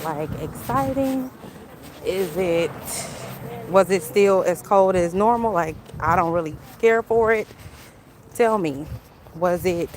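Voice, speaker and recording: A woman chatting on a casual walk-and-talk livestream outdoors, talking in an animated way and answering viewers' comments. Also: medium pitch, noisy background. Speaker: livestream vlogger.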